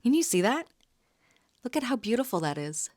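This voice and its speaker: A woman in her thirties from Canada, hosting a podcast and telling a chatty story with quick laughs. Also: fairly high pitch, very animated, darkish tone. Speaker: podcast host and jam vendor. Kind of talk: casual storytelling.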